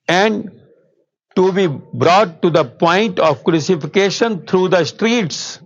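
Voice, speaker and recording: A man giving a spiritual discourse, telling a story slowly and earnestly. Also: high-pitched, lively intonation. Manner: slow, earnest storytelling, quotes with rising emphasis. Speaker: spiritual teacher. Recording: dull, slightly lo-fi sound.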